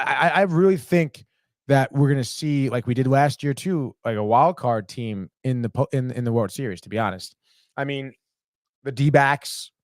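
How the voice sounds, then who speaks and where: A man's voice: medium pitch, clean tone, dry recording, studio quality. A young man hosting a live sports talk show, rambling and heated, swearing freely and saying "dude" a lot. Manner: profane, rambling, heated, says "dude" often. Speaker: sports podcast host. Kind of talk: casual live sports chat.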